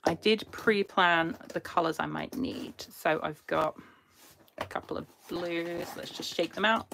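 A woman's voice: fairly low pitch, unhurried, vocal fry, noisy background. A woman hosting a casual drawing livestream, chatty and self-deprecating, talking close to a phone camera. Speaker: art channel host. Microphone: phone held close as camera.

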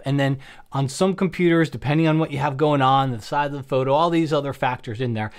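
A man teaching photo-editing software in a screen-recorded tutorial, explaining things casually and checking in with "all right" and "okay". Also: mid-range voice.

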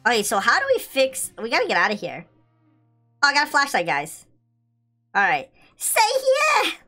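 A young woman giving excitable, giggly commentary while playing a video game. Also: mid-range voice, a little fast, faint music behind. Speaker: gaming channel host.

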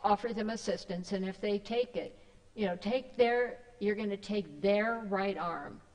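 A woman's voice: medium pitch, a little slow, a little mellow. Chatty woman talking to a church group, lots of ums, echoey hall sound. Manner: chatty, rambling, with many fillers and restarts. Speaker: guest speaker. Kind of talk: casual talk to a church group.

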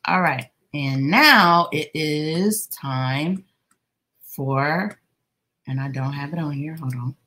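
Low, bright-voiced woman hosting a craft stream. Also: slow. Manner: chatty, greets viewers warmly by name; playful teasing with laughter. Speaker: livestream host. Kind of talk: casual livestream chat while crocheting.

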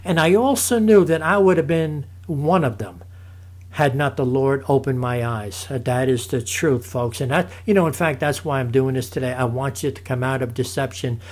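A man's voice: medium pitch, normal speed, a little mellow. A man giving a fervent preaching testimony, calling his listeners "folks" again and again. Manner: fervent, repeats "folks" often.

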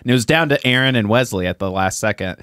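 A man's voice: mid-range voice, quick pace, fairly bright tone, smooth, dry recording, clean studio sound. A man hosting a podcast with friends, talking casually, rambling and laughing often as he explains things. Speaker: podcast host.

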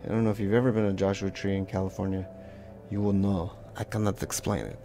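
Gravelly laid-back man drawing along. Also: deep voice, little pitch movement, fast, dark tone, faint music behind. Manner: rambling, loose, full of "like" and sound effects. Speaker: art teacher. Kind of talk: casual draw-along tutorial.

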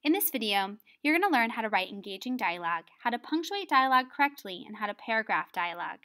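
Bright-voiced woman teaching writing. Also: fairly high pitch, very animated, fast talker. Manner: explanatory, frequently checks in with "right?". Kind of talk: recorded lesson video.

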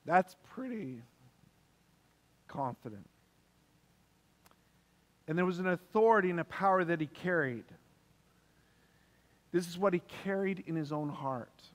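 A man's voice: high voice, animated, unhurried, long pauses. A man preaching a sermon as pastor, emphatic and repeating key phrases for stress. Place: church hall. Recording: long reverb of a church hall.

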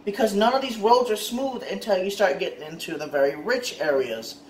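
A man's voice: high-pitched, normal speed, reverberant, slight background noise. A man ranting in a casual vlog, frustrated and repetitive, swearing often. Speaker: car owner vlogger.

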